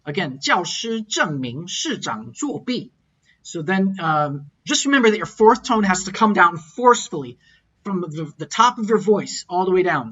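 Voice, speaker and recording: A man teaching an online pronunciation lesson, explaining and then slowly repeating example phrases. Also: high voice, pushed and bright, muffled recording. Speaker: language teacher.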